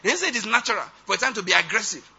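A man's voice: high voice, very animated, racing, gravelly, bright, forceful tone, husky. A man preaching a sermon, emphatic and often checking that his listeners follow. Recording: dull lo-fi recording.

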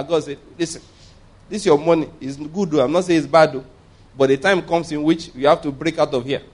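A man's voice: fairly high pitch, fairly even intonation, brisk, darkish tone. A man preaching a sermon, emphatic and repeating his points, asking the congregation rhetorical questions. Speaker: pastor.

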